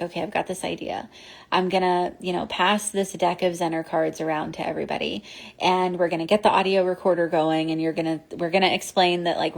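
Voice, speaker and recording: A woman recounts a ghost encounter in loose, meandering speech. Her voice sits slightly low, and she keeps stopping for fillers and restarting her sentences. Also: gravelly. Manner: rambling, many fillers and restarts. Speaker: podcast host. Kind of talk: casual storytelling.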